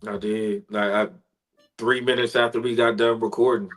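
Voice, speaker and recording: A male spoken word poet tells a deeply personal story over a video call. He speaks in an earnest, emotional and measured way, at a middle pitch, and his story builds in vulnerable detail. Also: flat delivery, soft background music, low-quality recording.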